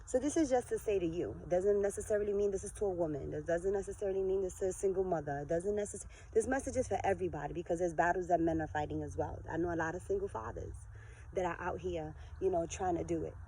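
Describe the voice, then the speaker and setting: A woman in her forties giving an earnest, lively motivational talk to her followers in a vlog. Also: lowish voice, fast talker, slight background noise, poor audio. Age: 40s. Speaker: vlogger.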